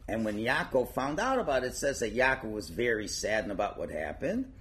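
A man's voice: lowish voice, very animated, fairly quick, a bit bright. A man teaching through a casually told story, acting out its characters with many fillers. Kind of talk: casual spoken storytelling lesson.

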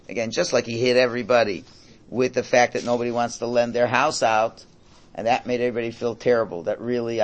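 A middle-aged man teaching a religious class. He translates a Hebrew text aloud in a conversational, jokey way, with many restarts. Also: mid-range voice.

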